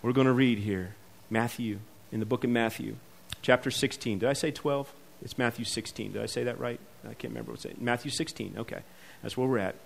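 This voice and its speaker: A man's voice: medium pitch, a little fast, vocal fry, a little hiss or hum. A man preaching a sermon in a church, talking conversationally to the congregation. He acts out the voices in the passages and builds to emphatic peaks. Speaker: pastor. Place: church sanctuary.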